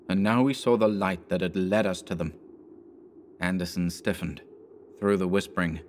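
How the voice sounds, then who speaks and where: A man narrating a horror story as an audiobook, in a measured, dramatic way. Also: sits low, slight background noise.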